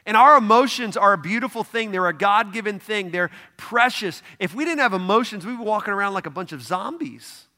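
A man's voice: sits high, animated, a little fast, hardly any pauses, bright, forceful tone. A man preaching a sermon as pastor, conversational and emphatic, asking his congregation questions. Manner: emphatic, repeats "no, no, no".

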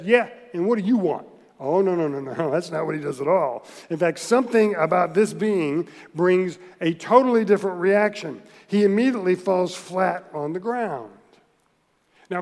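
A man with a high, light voice preaches a sermon, retelling the story with animated, chuckling delivery. His words ring out with a long reverb tail in a church sanctuary. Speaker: pastor.

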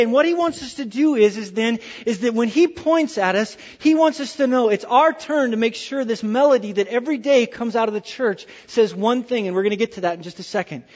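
A male pastor preaching a sermon, telling a personal story in an animated way and dropping to hushed tones for effect. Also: very high-pitched, big-room sound, muffled recording.

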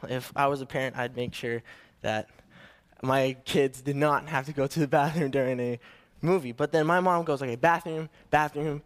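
A man's voice: fairly high pitch, smooth. A young man giving his first sermon to a church, telling a family story in a casual, slightly nervous way with restarts. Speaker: young preacher.

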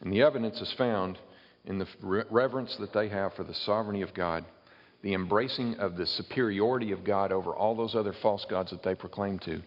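A man's voice: fairly low pitch, brisk, long reverb tail, highs cut off. A man preaching a sermon, explaining and reading Bible verses aloud to his congregation. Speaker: pastor.

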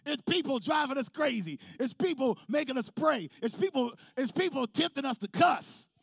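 Man, pastor, high-pitched voice, dry recording, call-and-response sermon. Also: animated, moderate pace, creaky, no echo. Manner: preaching with call-and-response and rising intensity. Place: church sanctuary with congregation.

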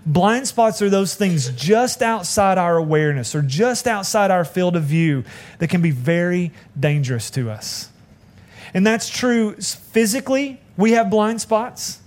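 A man, a pastor preaching a sermon in a conversational, self-deprecating storytelling way with asides to the congregation. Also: sits high. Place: church sanctuary.

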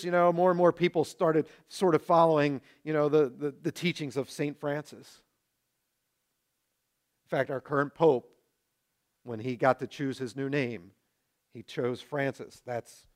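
A male pastor delivers a sermon, his voice sitting a little high for a man. He swings between loud, passionate build-ups and soft, hushed pleas. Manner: dynamic preaching, rising to loud passion and dropping to hushed.

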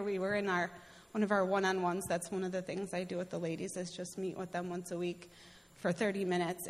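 A middle-aged woman speaks casually about her mission work in an even, mid-pitched voice. She laughs often, trips over her words and fills pauses with "um" and "like". Her voice rings out in a hall with a long reverb tail. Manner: chatty, laughs often, many fillers and restarts. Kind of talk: casual testimony.

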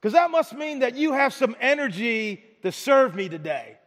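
A preacher voicing Jesus as a cheerful, eager man asking his followers for time, in an excited, emphatic way. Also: very high-pitched, moderate pace, exaggerated voice. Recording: long hall reverb.

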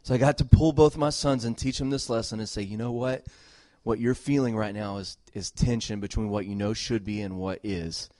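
A middle-aged man preaching a sermon as a pastor, earnest and emphatic, repeating phrases and moving between loud exhortation and soft, tender talk. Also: on the low side, fairly even intonation, normal speed, few pauses, dry recording, studio quality.

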